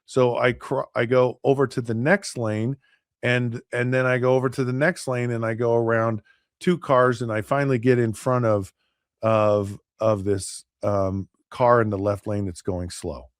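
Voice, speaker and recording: A man hosting a podcast, telling a story in a casual, animated way, often repeating and restarting words and acting out both sides of a conversation. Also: mid-range voice, a little slow, no room sound, studio quality. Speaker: podcast host.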